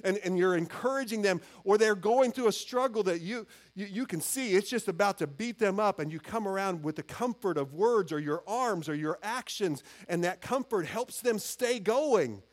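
Man, pastor, high voice, earnest conversational sermon, frequent restarts. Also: animated, moderate pace, few pauses.

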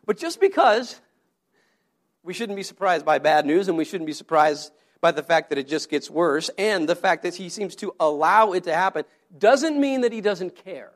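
A man's voice: high voice, lively intonation, moderate pace. A male pastor giving a conversational sermon, asking the congregation questions and often repeating his words.

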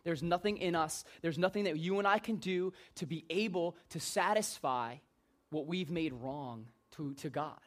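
A man's voice: fairly high pitch, normal speed. A man preaching an informal sermon in a joking, conversational way.

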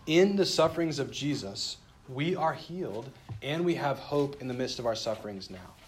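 A man preaching a sermon in an earnest, measured way, slowing down and dropping softly for emphasis and reading scripture aloud with heightened feeling. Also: mid-range voice, lively intonation, a little hiss or hum. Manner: earnest, measured preaching with dramatic slowdowns and soft drops. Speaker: pastor.

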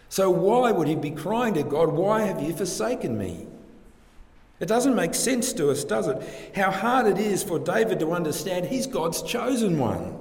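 A man preaching a sermon, asking rhetorical questions in a slow, deliberate way. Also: fairly high pitch, a little mellow. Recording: echoey hall with long reverb.

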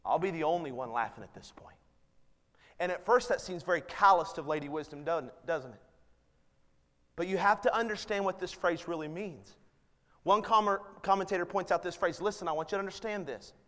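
A man in his thirties delivers a sermon, his high voice earnest and then pressing hard on each appeal. The sound carries a long hall reverb around him, as in a church sanctuary. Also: fairly quick, pushed and bright. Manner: earnest, rising to emphatic appeals. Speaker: pastor.

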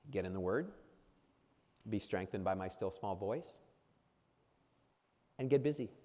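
A man's voice: medium pitch, warm tone, in a large hall. Earnest repetitive preacher man. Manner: earnest, repetitive emphasis with frequent restarts. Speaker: pastor addressing new ministers. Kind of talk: sermon.

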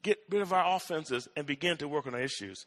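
Emphatic preacher in a ringing hall. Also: male voice, fairly high pitch, fast, a bit bright. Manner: dramatic storytelling, emphatic. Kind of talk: sermon. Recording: echoey hall.

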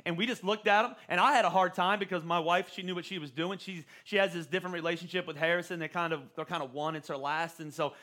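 A pastor in his forties preaches in a relaxed, conversational way, often restarting phrases with repeated words. His voice sits high for a man and sounds bright and forward. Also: fast talker, hardly any pauses. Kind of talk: sermon.

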